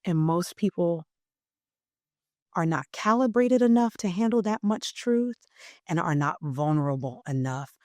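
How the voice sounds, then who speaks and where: A woman voice coach talking in a podcast interview, expressive and emphatic, shifting her loudness and pitch to make a point. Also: unhurried, no echo, studio quality. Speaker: voice coach guest.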